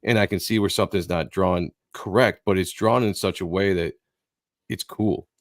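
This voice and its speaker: Lowish voice guy hosting a stream, relaxed and chatty, dry close sound. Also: normal speed, dry recording. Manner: laid-back, chatty, trips over words. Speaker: host. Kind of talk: casual chat.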